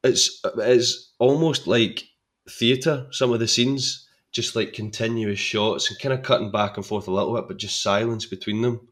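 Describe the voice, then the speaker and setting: An actor guesting on a podcast, chatting about a film with enthusiasm and many repeated words and restarts. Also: male voice, medium pitch, steady tone, moderate pace, a bit bright. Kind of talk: casual film-discussion chat.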